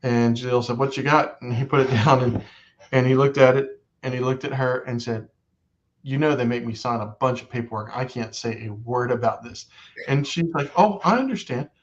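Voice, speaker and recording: A man's voice: mid-range voice, moderate pace, muffled recording. A man co-hosting a casual fan chat, rambling through stories with many fillers and quoted exchanges. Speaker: co-host of a fan watch-along show.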